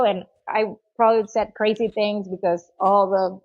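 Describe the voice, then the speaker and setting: A middle-aged woman guest telling a personal story in a casual interview, animated, acting out what others said. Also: mid-range voice, normal speed, few pauses, dull audio. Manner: animated, acts out quoted voices, many "you know"s.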